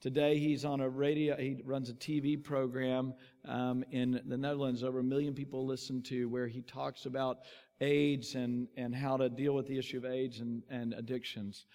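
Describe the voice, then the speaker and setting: A man's voice: mid-range voice, level tone, normal speed, mellow. A man preaching a sermon, telling a story with animation and acting out the quotes. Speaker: pastor. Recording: long hall reverb.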